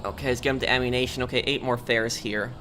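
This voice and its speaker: A man's voice: medium pitch, steady tone, fast, pushed and bright, a little hiss or hum. A man streaming a game, talking casually in a rambling rant full of fillers. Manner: rambling, filler-heavy ranting. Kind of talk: casual livestream chat.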